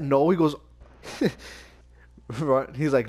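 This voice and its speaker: A man's voice: mid-range voice, moderate pace, long pauses, a little mellow. Young man telling a laughing gaming story. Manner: laughing storyteller, swears a lot, mimics friends. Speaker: gaming channel host. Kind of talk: casual gaming chat with a friend.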